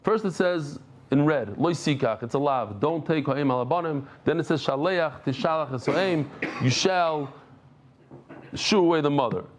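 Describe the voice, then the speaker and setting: A middle-aged man giving a daily Talmud lesson to a live group, talking in quick bursts, breaking off mid-thought and bantering with listeners. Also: fairly high pitch, a little hiss or hum. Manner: lively, jumps between thoughts, self-interrupting. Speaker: Talmud teacher.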